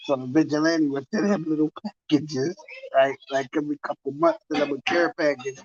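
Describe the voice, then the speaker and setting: A man's voice: fairly high pitch, fairly quick, breathy edge. A man casually telling a long story, rambling and repeating himself, with many fillers. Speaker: TV talk guest telling a story. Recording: muffled lo-fi sound.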